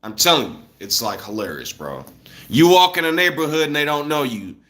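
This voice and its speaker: Man, thirties, from the US, casual rant, slangy, rambling, bright tense tone. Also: a little high, big pitch swings, brisk. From United States. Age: 30s. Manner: loose, rambling, slangy and blunt.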